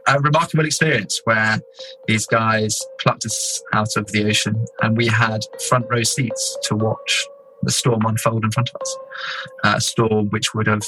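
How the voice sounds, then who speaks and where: Lowish-voiced man from England, lively casual storyteller, music bed under. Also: poor audio. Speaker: explorer guest.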